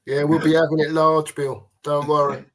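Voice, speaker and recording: Cockney bloke in casual pub talk, laughs a lot, kinda high voice. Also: male voice, little pitch movement, normal speed, a crowd in the background. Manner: laughs often, blunt and chatty. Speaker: podcast co-host.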